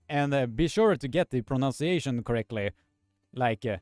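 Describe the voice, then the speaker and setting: A man hosting a live stream, commentating and chatting with viewers in a halting, filler-heavy way. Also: on the high side, expressive, darkish tone, dry recording, clean studio sound, faint music behind.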